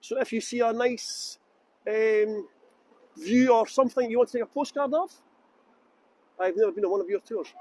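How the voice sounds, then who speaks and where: Chatty high-voiced Scottish man. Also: normal speed, pauses often, dark tone. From Scotland. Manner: chatty, upbeat, greets viewers by name. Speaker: tour guide host. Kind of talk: live virtual tour chat.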